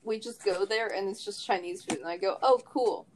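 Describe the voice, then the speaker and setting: A woman's voice: medium pitch, fairly even intonation, fairly quick, a little hiss or hum. A young woman in casual chat, dry and a little teasing in her reactions. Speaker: conversation partner.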